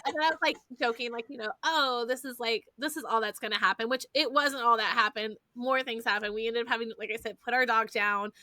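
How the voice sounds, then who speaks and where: A woman, hosting a podcast and telling stories in a lively, foul-mouthed, chatty way. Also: fairly high pitch, a little fast, hardly any pauses, no echo. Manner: animated storyteller, swears freely, addresses listeners as y'all. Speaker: podcast host. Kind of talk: casual chat.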